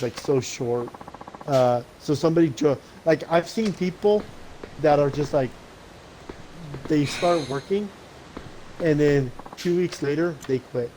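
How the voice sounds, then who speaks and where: Young dude venting on stream, mellow tone, swears a ton, faint hiss behind. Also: male voice, a little high, poor audio. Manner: rambling, swears a lot, many restarts. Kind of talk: casual gaming chat.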